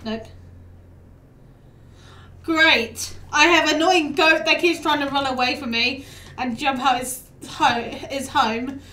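Young woman, high voice, game streamer, chatty and laughing, a bit off-mic, echoey room. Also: pushed and bright, recorded from a distance. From United Kingdom. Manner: chatty, quick to laugh, talks back to the game. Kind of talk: casual live-stream chat.

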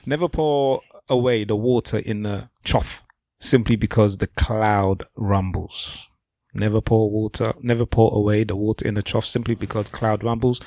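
A man with a lowish, darkish voice co-hosts a podcast in clean studio sound with no echo. He chats casually in a laid-back drawl, saying yes over and over.

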